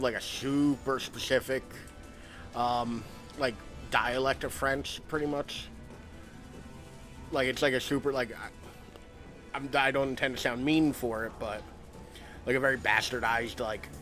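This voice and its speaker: A man's voice: medium pitch, a little slow, pauses often, a bit bright, soft background music. A young man from the United States giving rambling, self-mocking commentary while he streams a game. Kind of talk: casual gameplay commentary.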